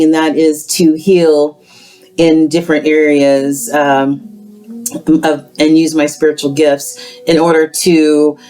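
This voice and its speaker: A woman hosting a tarot channel, chatting casually to her viewers with drawn-out greetings and frequent ums. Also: on the low side, darkish tone. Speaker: tarot reader. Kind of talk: casual spiritual vlog chat.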